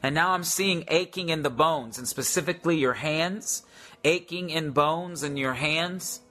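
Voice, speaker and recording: A man's voice: fairly high pitch, unhurried, bright, forceful tone, soft background music. A man ministering in prayer, sharing a testimony and making repeated healing declarations, with many fillers.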